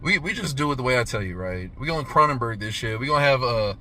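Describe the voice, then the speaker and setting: A man in his thirties giving a casual, profane movie review, punctuating the retelling with "boom" sound effects and "right?" after nearly every line. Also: quick pace, a little hiss or hum. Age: 30s. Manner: animated, profane, says "right?" constantly.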